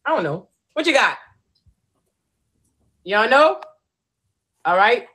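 A woman hosting a group guessing game, loud and playful, hurrying the players along and telling them not to cheat. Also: on the high side, very animated, takes it slowly. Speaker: game host.

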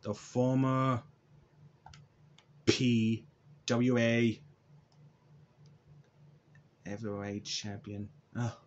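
Brief: male wrestler doing a rambling callout promo, stumbling and restarting, slow delivery, lo-fi sound. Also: medium pitch, fairly even intonation. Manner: halting, with restarts and repeated words. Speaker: amateur wrestler cutting a promo.

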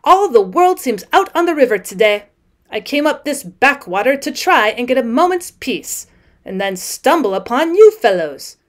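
A woman's voice: high-pitched, sing-song, moderate pace. A woman doing a genial, drawling otter. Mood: chummy. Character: genial, gossipy male otter.

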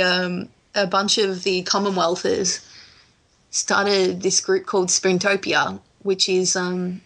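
Speaking in a fairly low, slightly bright voice, the Australian wrestler is a podcast guest in a casual chat. She's chatty, tells stories, and laughs easily.

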